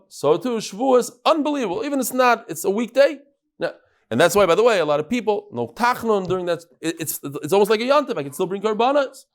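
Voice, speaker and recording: A man teaching a daily Talmud class to a live audience in a study hall, lively and joking, with Hebrew and Aramaic terms in his English. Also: sits high, brisk.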